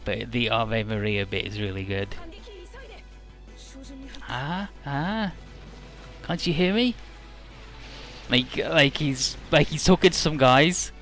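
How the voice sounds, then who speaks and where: Guy mumbling through a let's play, low key and rambly, game music faint behind. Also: takes it slowly, pauses often, fairly bright tone. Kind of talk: casual gameplay commentary.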